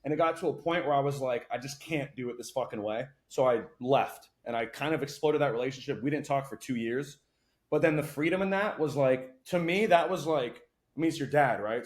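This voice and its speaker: Fast-talking, profane young man. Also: medium pitch. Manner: fast, profane, animated storytelling. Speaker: podcast guest, entrepreneur. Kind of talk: casual podcast conversation.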